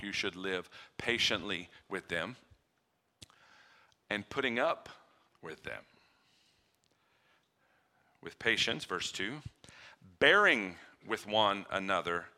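A man preaching a sermon, shifting between quiet low passages and loud emphatic ones, acting out little dialogues with humor. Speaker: pastor.

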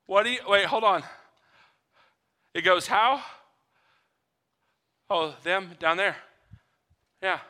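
A man's voice: high voice, pushed and bright, in a large hall, full character voice. A man playing a baffled angel confused by mercy. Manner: halting, incredulous questions.

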